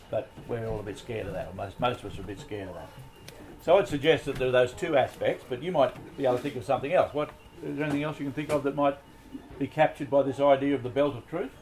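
A man's voice: mid-range voice, darkish tone, rough recording. A man leading a group Bible study, talking in a conversational way with many fillers and restarts.

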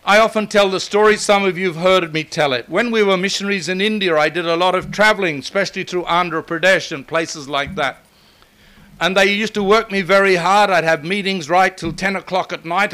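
An older man preaching a sermon, emphatic and building to forceful repetition. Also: sits high, smooth.

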